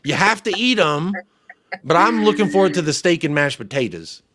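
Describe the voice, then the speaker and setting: A man's voice: on the high side, sing-song, moderate pace, noisy background. Playful American man hosting a fan show. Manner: playful, teasing, jokey asides. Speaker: host. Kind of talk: casual fan-show chat.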